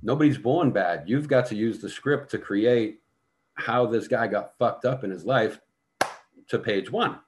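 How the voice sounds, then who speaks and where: A man's voice: medium pitch, unhurried, a little hiss or hum. A middle-aged American man telling blunt, profanity-laden stories as a podcast guest. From United States. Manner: heavy swearing, blunt, vivid storytelling. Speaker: podcast guest, veteran actor. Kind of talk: casual storytelling conversation.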